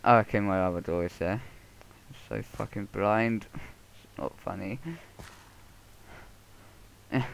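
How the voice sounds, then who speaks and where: A man's voice: fairly low pitch, vocal fry. A man narrating his own gameplay, muttering to himself and swearing through a muffled headset microphone. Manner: mumbling to himself, swearing, quick outbursts. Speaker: Let's Play gamer. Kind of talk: casual gameplay commentary. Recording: muffled headset audio, faint noise.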